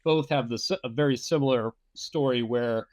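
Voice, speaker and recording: A middle-aged man talking as a guest in a casual chat, halting and hunting for words. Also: mid-range voice, darkish tone, no room sound.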